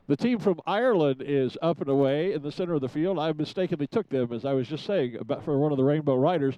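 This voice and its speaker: A man's voice: fairly high pitch, fast, mellow, no room sound, highs cut off. Chatty male live event commentator. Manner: chatty, hesitant with many fillers. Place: rooftop studio.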